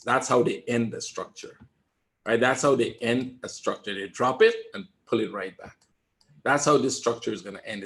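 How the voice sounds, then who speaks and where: A man giving live trading commentary in a webinar, calm and reassuring, repeating his points and often asking "right?". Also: fairly low pitch. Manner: emphatic, talks straight to viewers. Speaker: trader teaching a webinar.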